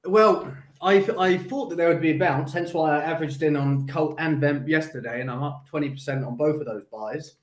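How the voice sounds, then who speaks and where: A man who runs a crypto company, speaking in a measured, cautious way on a livestream. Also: a little high, roomy sound. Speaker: guest, company CEO. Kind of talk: casual crypto livestream chat.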